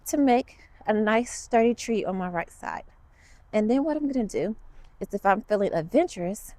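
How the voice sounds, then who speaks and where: A woman's voice: mid-range voice, darkish tone, no echo. A woman guiding a kids yoga class, upbeat and encouraging with playful cues.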